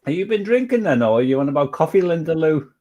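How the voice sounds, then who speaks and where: An Englishman hosting a casual online voice chat, rambling with halting restarts. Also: on the high side, very animated, warm tone, dull audio. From England. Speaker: chat host.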